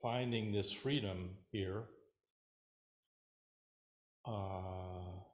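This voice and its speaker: A man as Zen teacher giving a dharma talk in a relaxed, rambling, hesitant way, at a meditation center. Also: sits low, drawn-out words, muffled recording. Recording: roomy hall echo.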